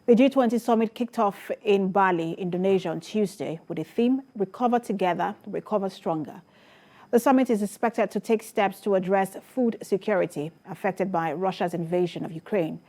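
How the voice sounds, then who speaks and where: A woman news anchor reading scripted bulletins in a crisp, formal way. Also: medium pitch, normal speed, mellow. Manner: crisp, formal newsreader delivery.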